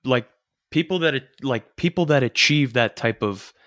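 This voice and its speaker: A man's voice: medium pitch, a little slow, fairly bright tone, dry recording, studio quality. A man co-hosting a podcast, giving emphatic advice full of rhetorical questions and "dude.". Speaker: podcast co-host. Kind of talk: casual coaching advice chat.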